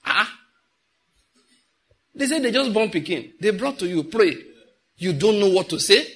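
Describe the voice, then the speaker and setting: A man's voice: high voice, lively intonation, moderate pace. A middle-aged man preaching a sermon, talking to his congregation with frequent rhetorical questions. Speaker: pastor.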